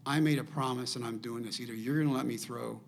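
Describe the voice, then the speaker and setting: An older man spins a personal story as a podcast guest, slipping into the voices of the people in it. His voice is gravelly, sits at an ordinary middle pitch, and carries faint background noise. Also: fast. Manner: animated storyteller acting out quoted dialogue.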